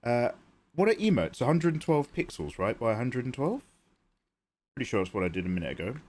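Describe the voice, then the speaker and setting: Chatty male art streamer, lively pitch. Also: fairly quick. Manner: rambling, jokey, talks to chat. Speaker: art livestreamer. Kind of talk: casual livestream chat while drawing.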